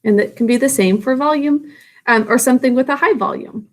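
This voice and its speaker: A woman's voice: sits high, a little fast. A woman science teacher giving a recorded lesson, patiently explaining step by step with small fillers.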